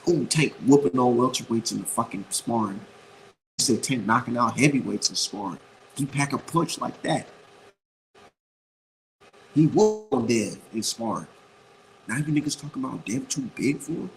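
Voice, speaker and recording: A man's voice: mid-range voice, animated, normal speed, pauses often, slight background noise, low-quality recording. A man giving casual boxing opinions in a blunt, profane, rambling way, repeating his points for emphasis. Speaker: boxing commentator.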